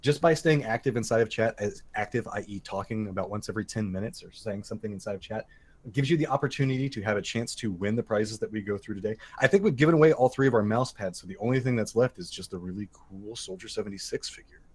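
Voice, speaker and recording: Male esports caster, rapid, upbeat, hype-driven. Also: lowish voice, a little mellow, breathy edge. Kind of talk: casual esports casting chat.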